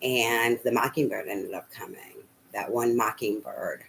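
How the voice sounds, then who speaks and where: A woman's voice: rumbling low, measured pace, gravelly, slight background noise, poor audio. A middle-aged woman telling a rambling personal story as a tarot reader, full of fillers and casual swearing.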